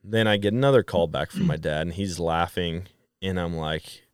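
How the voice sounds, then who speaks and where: A middle-aged man from Wisconsin, a podcast guest who tells stories in a casual, animated way and acts out quoted dialogue. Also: low-pitched, normal speed, clean tone, no echo, studio quality. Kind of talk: casual storytelling chat.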